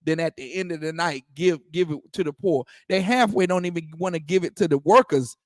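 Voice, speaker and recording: High voiced guy preaching casual, keeps asking "you understand?", dry close sound. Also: a little fast, no room sound. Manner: repeats "you understand?", stammers on restarts, laughs often. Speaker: teacher leading a religious discussion. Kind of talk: preaching-style casual talk.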